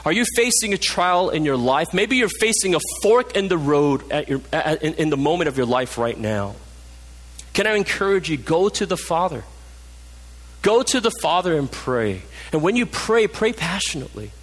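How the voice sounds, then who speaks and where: Casting: male pastor, fairly high voice, passionate preaching that sinks to a hush on key points, church hall reverb. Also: very animated, moderate pace. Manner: passionate, drops low and soft for emphasis. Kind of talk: sermon.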